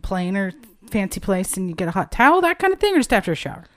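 A woman's voice: medium pitch, sing-song, fast. A woman in her late thirties co-hosting a casual podcast, chatty, swearing freely as she tells stories. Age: late 30s. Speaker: podcast co-host.

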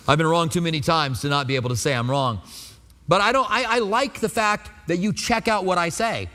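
A man's voice: a little high, lively intonation, brisk, bright, forceful tone, long reverb tail, soft background music. A pastor in his fifties preaching a sermon in a conversational way, asking the congregation rhetorical questions.

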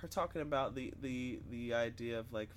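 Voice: mid-range voice, moderate pace, slight background noise. A podcast co-host in casual chat, rambling and hesitant, often breaking off and restarting sentences.

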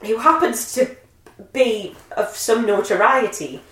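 A woman's voice: fairly high pitch, expressive, a little slow, a bit bright, distant mic. A woman, a comedian, telling a story in casual chat, swearing and laughing. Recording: roomy echo, faint background noise.

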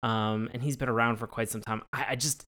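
Podcast co-host, male, middle pitch, loose and profane, animated in casual review chat. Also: a little fast. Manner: profane, animated, jumps high when mimicking reactions.

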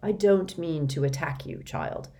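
A woman reading the part of a kindly, wise older man who speaks gently and formally. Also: low-pitched, expressive, a little slow. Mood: gentle.

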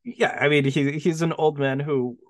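A man's voice: a little high, fairly even intonation, normal speed. A young man co-hosting a casual film podcast, laughing often and acting out characters' lines as he retells plots. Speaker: podcast co-host.

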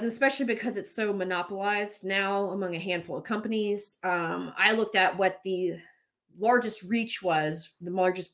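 A woman's voice: mid-range voice, fairly bright tone. A woman hosting a casual chat, talking candidly and swearing now and then as she runs through what she looked up. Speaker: host.

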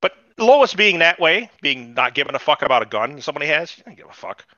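A man's voice: a little high, sing-song, fast talker, sharp tone, no echo, lo-fi sound. A man hosting a podcast, recapping in casual, rambling chat full of swearing. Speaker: podcast host.

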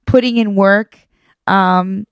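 A woman from a Persian family co-hosts a relaxed podcast, sharing family stories in a medium-pitched voice. She speaks slowly and laughs often, telling her tales with lots of animation. The recording has no room sound.

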